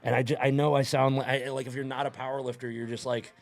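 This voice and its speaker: A man who coaches powerlifters, talking excitedly and emphatically in a reaction video and swearing a lot. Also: medium pitch, fast talker, creaky, soft background music.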